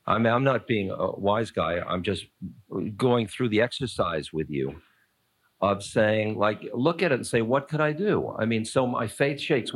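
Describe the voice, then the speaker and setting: An older man teaching spirituality to a live audience, talking in a loose, playful, searching way. His voice sits at an ordinary middle pitch, and the recording is dry and close with little room sound. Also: no echo. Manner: conversational, playful, searching, with asides and chuckles. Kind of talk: live dharma talk answering questions.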